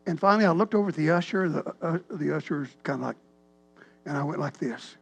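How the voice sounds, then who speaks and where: High-voiced preacher telling a story. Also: male voice, fast, gravelly, husky, dull audio. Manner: animated, rambling storyteller, many asides. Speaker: pastor. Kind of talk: storytelling sermon. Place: church sanctuary.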